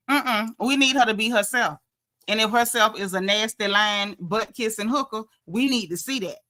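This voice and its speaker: A woman casually recapping a reality show episode, gossipy and animated. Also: medium pitch. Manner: animated, gossipy, quotes people in lively asides.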